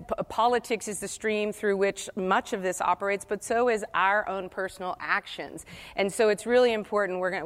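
A woman's voice: mid-range voice, fairly bright tone. A woman moderating a panel discussion, conversational and passionate.

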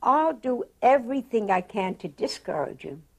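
An older woman voicing a kindly rabbi who gives calm, reassuring counsel. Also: on the high side, moderate pace, gravelly, pitched above the performer's own voice, full character voice.

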